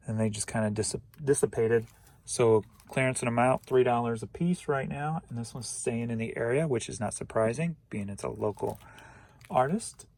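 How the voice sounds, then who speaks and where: Gravelly, husky-voiced man from St. Louis. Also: medium pitch, darkish tone. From St. Louis, Missouri. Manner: easygoing and chatty, with quick asides. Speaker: eBay reseller. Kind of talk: casual vlog narration.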